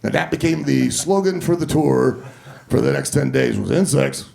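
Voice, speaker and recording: Gravelly 50s guy doing stand-up in a club, swearing a lot, pitch jumping all over. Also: moderate pace. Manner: profane, animated storytelling. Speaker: stand-up comedian. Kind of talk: stand-up storytelling. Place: comedy club stage.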